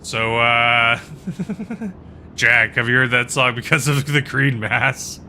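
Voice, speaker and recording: A man's voice: medium pitch, slow, gravelly, pushed and bright, a little hiss or hum. A man live-streaming a game, rambling casually and chatting with viewers between laughs. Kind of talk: casual gaming commentary.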